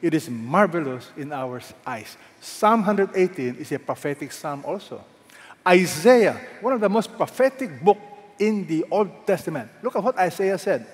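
A man's voice: high-pitched, very animated, moderate pace. A man preaching a sermon as pastor, emphatic, asking the congregation questions and having them read along. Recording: echoey hall with long reverb.

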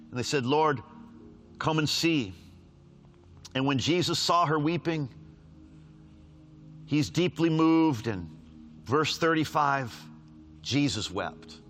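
A male preacher delivers a sermon at an unhurried, deliberate pace, leaning into each phrase. His voice sits at an ordinary middle pitch, climbing high and loud for the words of scripture and sinking low and hushed for his appeals. Soft music plays underneath. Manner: swings from loud raised scripture reading to low hushed pleading; repeats lines for emphasis.

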